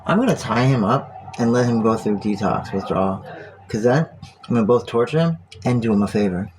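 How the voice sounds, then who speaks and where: A man's voice: medium pitch, lively intonation, fairly quick, darkish tone, slight background noise, poor audio. A man talking casually on a phone livestream, musing aloud, rambling and swearing freely.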